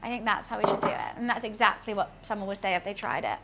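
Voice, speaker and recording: A young British woman chatting casually while she cooks on a live stream, answering chat in a deadpan way. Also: medium pitch, quick pace, heavy background noise. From United Kingdom.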